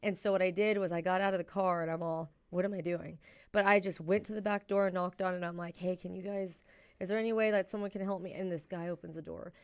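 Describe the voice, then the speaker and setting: A young adult woman co-hosting a podcast, chatting casually and telling animated stories in which she acts out what people said. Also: lowish voice, fast, clear, resonant tone. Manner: animated storyteller who acts out quoted voices. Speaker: podcast co-host. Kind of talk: casual chat and storytelling.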